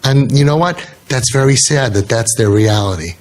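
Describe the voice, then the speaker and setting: A man's voice: mid-range voice, normal speed. A man giving an earnest, conversational talk to parents. He tells stories and often restarts his sentences. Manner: earnest, storytelling, with frequent restarts. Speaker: speaker addressing an audience of parents. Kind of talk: conversational talk to a live audience.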